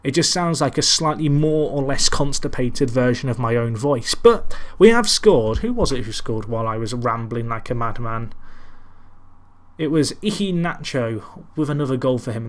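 Speaking at a normal speed in a mid-range voice, this man casually narrates his football management game as a Let's Play. He rambles, makes self-deprecating jokes, and calls the action the way a match commentator would.

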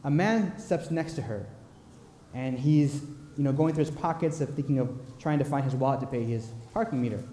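A man preaching a sermon, telling a story in an earnest, unhurried way with pauses. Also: medium pitch, warm tone, a little hiss or hum. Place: large church sanctuary. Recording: echoey church hall with long reverb.

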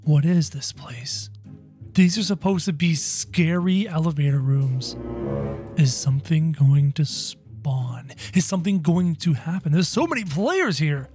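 A man playing a brash, cocky cartoon rabbit jester, chatting excitably through a game and yelping when scared. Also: on the high side, measured pace, soft background music. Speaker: gaming YouTuber playing in character. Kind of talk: in-character gameplay commentary.

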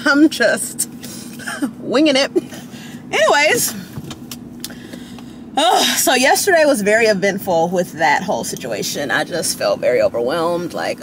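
A young woman chatting to camera from her parked car, rambling and giggly with dramatic high squeals. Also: very animated, a little slow, long pauses, background noise. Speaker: vlogger. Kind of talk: casual chat to camera.

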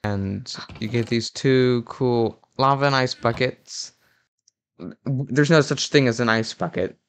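A man's voice: mid-range voice, steady tone, takes it slowly, clean tone. A young man doing a parody commentary of a game video, sarcastic and mock-outraged, often stumbling and restarting his sentences. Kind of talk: mock-critical reaction commentary.

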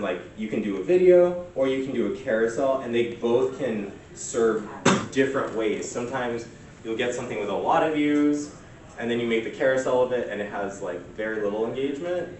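A man presenting at a workshop in a relaxed, chatty way, full of fillers. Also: medium pitch, moderate pace, slight background noise. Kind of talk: casual workshop talk. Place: church meeting room. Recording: echoey room recorded from far off.

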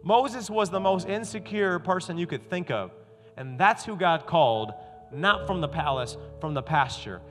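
Male youth pastor, fairly high voice, dramatic, stammering acted quotes, hall reverb, music under. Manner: dramatic, acts out quotes with stammers and sudden loud outbursts. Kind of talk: energetic youth sermon. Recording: live in a hall with music playing behind.

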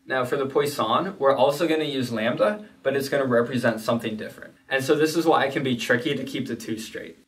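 A man's voice: mid-range voice, fast, hardly any pauses. Man explaining statistics, slightly distant mic. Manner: plain, methodical explaining with casual asides. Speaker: statistics teacher. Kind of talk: explanatory lesson.

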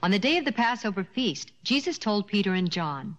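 Expressive woman narrating a children's story. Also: mid-range voice, brisk, hardly any pauses, highs cut off.

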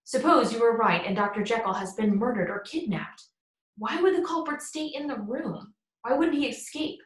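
Woman reading as a sharp skeptical male lawyer. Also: a little high, moderate pace, close to an everyday voice. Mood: doubtful. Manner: questioning, rather sharp. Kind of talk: audiobook character voice. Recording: roomy echo.

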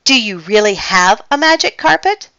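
A woman voicing an excited little girl kitten in a storybook read-aloud. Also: a little high, normal speed, no echo, muffled recording, pitched above the performer's own voice. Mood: eager. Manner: excited, wide-eyed.

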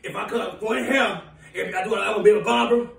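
Man doing an impression of a raging profane lady mayor, very high voice, gravelly, echoey room, from far off. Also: steady tone, quick pace. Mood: furious. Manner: shouting, profane, laughing rants. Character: furious foul-mouthed woman big-city mayor.

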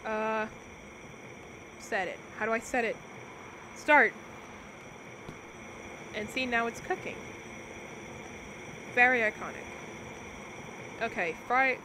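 A young woman chats playfully through a cooking game stream in a fairly high voice. She speaks straight to her viewers while she plays, and a steady noise runs under the recording. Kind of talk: casual gameplay commentary.

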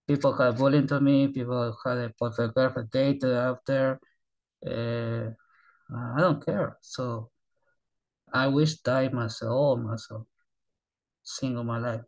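Halting man in his thirties. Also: medium pitch, fairly even intonation, rough recording. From Japan. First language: Japanese. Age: 30s. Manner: halting broken English, often trailing off softly. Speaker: reaction video host. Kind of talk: rambling casual monologue.

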